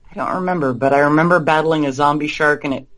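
A man's voice: a little high, fairly bright tone. A man co-hosting a podcast, giving blunt, opinionated takes on a movie. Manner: opinionated, blunt, quick to judge. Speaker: podcast co-host. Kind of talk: casual film discussion.

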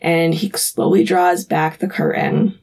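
A woman's voice: low voice, creaky. A woman in casual conversation, recapping a show with energy. She jumps in and out of the characters' lines as she goes, keeping the story moving. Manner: animated retelling, acting out lines in quick voices. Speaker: podcast co-host recapping an episode. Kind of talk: casual chat.

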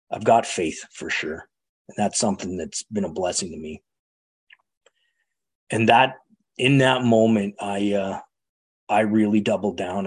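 A man's voice: on the low side, husky. A middle-aged man from Canada telling his recovery story in an earnest, frank way. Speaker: guest speaker sharing recovery story. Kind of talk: personal testimony.

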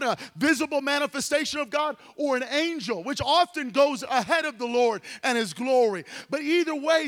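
A fervent pastor preaching and telling a story to his congregation, rising to shouts. His voice sits strikingly high for a man. The church hall answers with a long, ringing reverb. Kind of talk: sermon. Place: church sanctuary.

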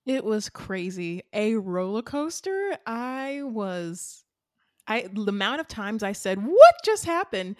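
A woman giving her take in a casual movie discussion, expressive and incredulous. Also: medium pitch, slow pace, no echo, studio quality. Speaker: guest panelist.

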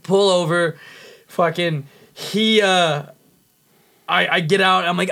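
Man, californian accent, high voice, frantic storytelling, swearing, acts out voices. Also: unhurried, bright, forceful tone. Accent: Californian English. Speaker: podcast guest. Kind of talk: casual storytelling.

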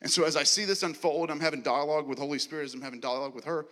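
A man preaching a sermon as he tells a story, acting out the dialogue and laughing and clearing his throat often. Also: on the high side, fairly even intonation, rapid-fire, fairly bright tone. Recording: long hall reverb.

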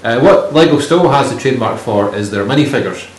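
A man's voice: mid-range voice, animated, brisk. A man co-hosting a podcast in casual chat, rambling, joking and swearing. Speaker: podcast co-host. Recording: roomy room with faint noise.

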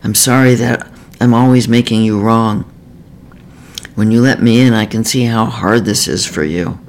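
A man's voice: fairly low pitch, steady tone, normal speed, close to an everyday voice. A man voicing a frustrated wife in couples counseling, speaking in his own plain voice. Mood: tender.

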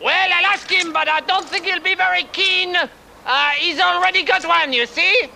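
An actor playing a rude, mocking castle guard with a French accent, hurling insults in a comedy film. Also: male voice, very high-pitched, fairly even intonation, normal speed, vocal fry, slight background noise, exaggerated voice. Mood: smug. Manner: insulting, taunting, shouting.

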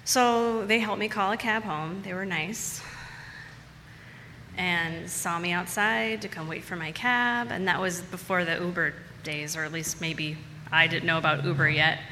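A woman's voice: fairly low pitch, a little slow, bright, forceful tone, long reverb tail, slight background noise. A woman telling a personal story to a live audience in a casual, chatty way, repeating words for emphasis.

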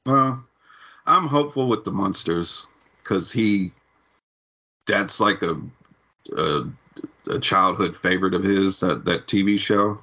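A man co-hosting a podcast in casual chat, talking haltingly and repeating words, with a husky voice. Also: low-pitched, pushed and bright. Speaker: podcast co-host. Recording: slightly dull podcast audio.

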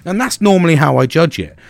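A middle-aged podcast host delivers a blunt, candid monologue, cursing often and repeating words as sentences begin. His voice is on the high side with vocal fry, and the recording is dry.

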